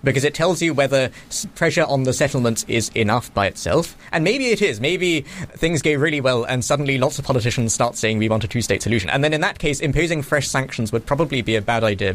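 Fast, measured man. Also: mid-range voice. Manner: measured, careful phrasing. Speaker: studio guest. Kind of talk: political discussion. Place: radio studio.

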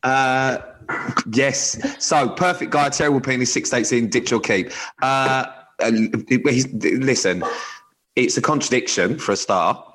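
A man's voice: medium pitch, a little slow, fairly bright tone. A man co-hosting a casual advice chat, rambling and swearing freely, often restarting his sentences. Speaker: podcast co-host.

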